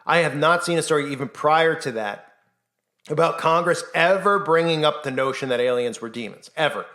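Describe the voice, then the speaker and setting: A Christian YouTuber's voice, slightly high, bright and forceful at a moderate pace, drives an impassioned monologue to camera on his channel. He insists urgently, asks rhetorical question after rhetorical question, and acts out quoted voices.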